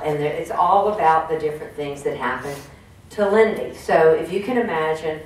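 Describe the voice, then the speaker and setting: A woman's voice: deep voice, moderate pace. A woman giving a folksy motivational talk to a room, often putting questions to the audience. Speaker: speaker at a women's business network. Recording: echoey room, distant mic, faint noise.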